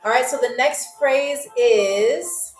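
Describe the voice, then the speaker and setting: A woman hosting a live game show stream, chatty and playful, laughing often and sounding out foreign words slowly as she reads out viewers' messages. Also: fairly high pitch, far from the mic. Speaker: livestream game show host. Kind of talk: casual livestream hosting, reading out chat. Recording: echoey room, voice set back from the mic, faint music.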